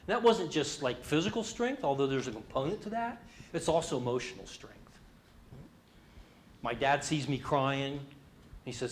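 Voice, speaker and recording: With a voice on the high side, a middle-aged man runs a leadership workshop at a normal speed. He's animated and engages the audience with questions throughout this interactive talk.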